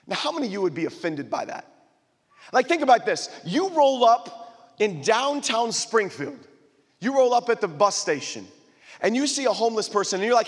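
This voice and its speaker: A man's voice: sits high, sing-song, normal speed, in a large hall. A man preaching a sermon to a live congregation, emphatic and repetitive, calling on the audience to answer back. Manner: emphatic, repeats call-and-response phrases to the crowd.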